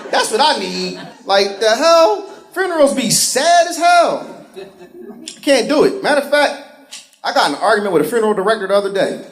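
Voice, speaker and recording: A man doing live stand-up comedy, profane and animated, acting out other people's voices. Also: high voice, normal speed, soft background music. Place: comedy stage before a laughing audience. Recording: roomy live venue with crowd laughter.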